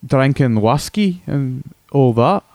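A man's voice: mid-range voice, expressive, slow, darkish tone, no room sound. A man putting on a crude mock Scottish accent to play a blustering, rambling Scotsman calling into a podcast. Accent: Scottish, put on. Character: crude stereotypical Scotsman cousin, gruff. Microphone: phone call.

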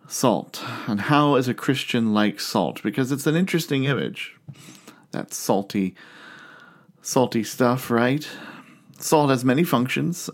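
Earnest middle-aged male pastor preaching. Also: mid-range voice. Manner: earnest, conversational preaching with asides and questions. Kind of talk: sermon.

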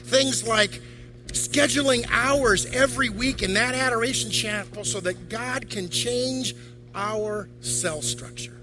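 A man's voice: very high-pitched, slow, music in the background, low-quality recording. An older man, a deacon, preaching a sermon to a congregation, firing off rhetorical questions. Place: church.

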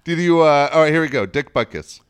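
Sex: male. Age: middle-aged. Style: cussing, laughing co-host in casual chat with a lively voice. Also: a little high, fairly quick, clear, resonant tone, no room sound. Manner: swears freely, laughs while telling stories.

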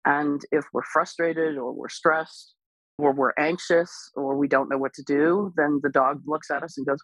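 A woman dog trainer speaking as an interview guest, explaining patiently and calmly, with lively bursts when she imitates other people. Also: deep voice, moderate pace, dry recording, highs cut off. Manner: calm, explains patiently, animated when imitating excited owners. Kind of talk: casual explanatory interview talk.

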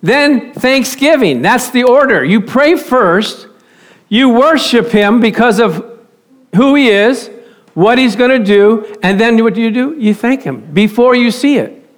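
A middle-aged man preaches with a notably high voice. His delivery is fervent, rising to loud praise and dropping into soft, low storytelling. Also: lively intonation, a little slow. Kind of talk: sermon.

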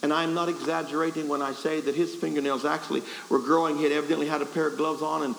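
A man's voice: fairly high pitch, little pitch movement, quick pace, vocal fry, fairly bright tone. A man preaching at a revival, telling a folksy, self-deprecating story with stammering restarts. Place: revival service hall. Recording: echoey hall with faint hiss.

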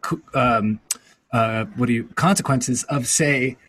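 A man's voice: medium pitch, measured pace, a bit bright, a little hiss or hum, low-quality recording. A man hosting a casual chat, rambling along with many fillers and restarts.

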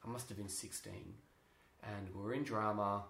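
Aussie guy, lowish voice, chatty storyteller laughing a lot, echoey room. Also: moderate pace. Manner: animated storyteller, laughs often, restarts sentences. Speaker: interview guest, drama teacher. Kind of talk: casual interview chat. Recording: roomy echo.

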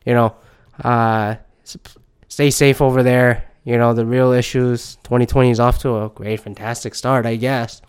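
Podcast host, male, mid-pitched, smooth, clear voice; loose, profane rambling delivery, drained and under the weather. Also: flat delivery, moderate pace. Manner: rambling rant, swears often, retells with "I go like". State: low on energy, under the weather. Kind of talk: casual solo podcast chat.

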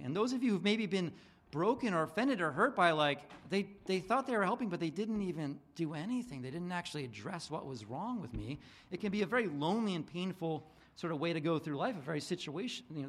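A man preaching in a loose, conversational way, stumbling over his words and restarting often. His voice sits high for a man and swings widely in pitch as he acts out little exchanges between people. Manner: casual, rambling preaching with many restarts and fillers; acts out dialogue in animated voices. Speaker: pastor. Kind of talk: sermon.

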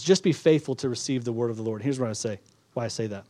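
A male pastor delivering a sermon, repeating phrases, building emphasis and then dropping to a quiet, close voice. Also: mid-range voice, quick pace, dry recording. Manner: preaching with repetition, rising to emphatic then dropping soft.

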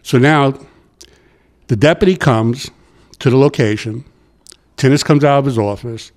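A man's voice: mid-range voice, a little slow. A middle-aged man, a retired transit worker giving an interview and telling stories, acting out the quotes. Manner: animated storyteller who acts out quotes. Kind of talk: casual storytelling interview.

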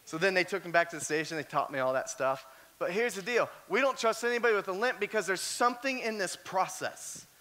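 Guy preaching a sermon, high pitched, repeats himself, animated stories. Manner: animated storyteller who often repeats words. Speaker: pastor.

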